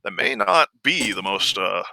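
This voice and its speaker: Bright, tense-voiced man. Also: medium pitch, very animated, normal speed, vocal fry, slight background noise, low-quality recording. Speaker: player. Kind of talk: casual tabletop role-play.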